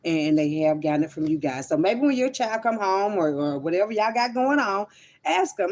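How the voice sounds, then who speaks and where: A woman's voice: mid-range voice, very animated, normal speed. Blunt, rambling woman swearing casually. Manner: blunt, rambling, swears freely, calls viewers child and honey. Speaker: online spiritual reader. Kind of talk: casual livestream monologue.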